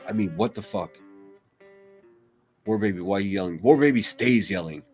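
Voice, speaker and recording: A rather low-voiced man talks casually on his live stream, reading chat aloud and riffing between comments. He swears freely and doubles back on his words as he tells stories. Soft guitar music plays faintly underneath. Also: animated, moderate pace, husky. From United States. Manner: loose and profane, rambling with restarts. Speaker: livestream host.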